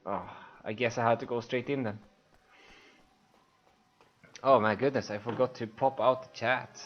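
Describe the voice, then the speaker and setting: The recording has its highs cut off as a man with a Swedish accent streams a game, reading all the on-screen action aloud for blind viewers. His mid-range voice is steady in tone and a little slow, broken by emotional sighs.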